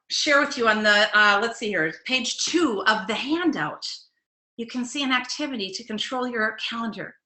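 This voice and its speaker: Middle-aged female life coach, bright and forceful tone, earnest and direct; echoey room. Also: fairly high pitch. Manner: earnest, direct, asks the audience questions. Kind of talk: motivational webinar talk.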